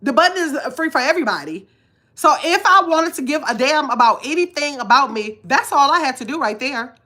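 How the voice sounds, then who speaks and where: A woman in her fifties speaks with a nasal, high voice that sits above most women's. She lectures her viewers bluntly in a casual live stream and stops to read out their comments. Her tone is bright and forward. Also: lively intonation, brisk. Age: 50s. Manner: blunt, preachy, reads comments aloud. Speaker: vlogger.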